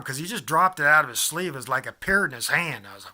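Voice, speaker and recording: Midwest man, fifties, piercingly bright, average pitch, meandering anecdote with constant restarts. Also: expressive, quick pace. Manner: digressive, many restarts and asides. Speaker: vlogger. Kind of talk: rambling personal storytelling.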